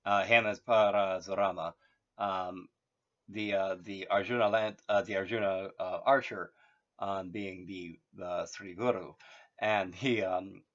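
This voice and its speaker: A man's voice: low voice, steady tone, a little slow. A man casually retelling a story, rambling with many fillers and restarts and chuckling at his own jokes. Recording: muffled lo-fi audio.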